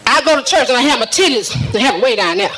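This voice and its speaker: A woman doing a stand-up routine, sassy and teasing the crowd with drawn-out punchlines. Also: high-pitched, lively intonation, background noise. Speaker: stand-up comedian.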